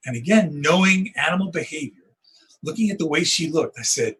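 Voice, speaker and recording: A middle-aged man, a wildlife photographer, telling stories in an interview, acting out the moments with rising excitement. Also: a little high, fast talker, breathy edge, poor audio. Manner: animated storyteller, acts out moments with rising excitement. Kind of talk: storytelling interview on a video call.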